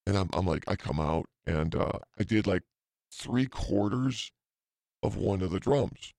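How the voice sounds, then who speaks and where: Gravelly low-voiced man rambling. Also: expressive, unhurried, darkish tone, no room sound. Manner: profane, self-mocking, rambling with asides. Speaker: podcast host. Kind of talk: casual rambling storytelling.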